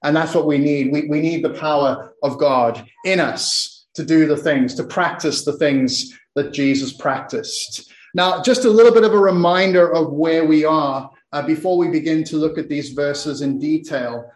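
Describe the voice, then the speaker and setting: A man's voice: fairly high pitch, moderate pace, roomy sound, rough recording. A man preaching a sermon in earnest, often repeating and restarting his words.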